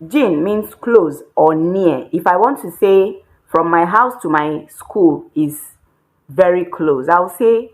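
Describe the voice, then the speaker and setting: Slow, patient woman teaching Chinese. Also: on the low side, low-quality recording. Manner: patient, step-by-step explaining with repetition. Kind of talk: language lesson.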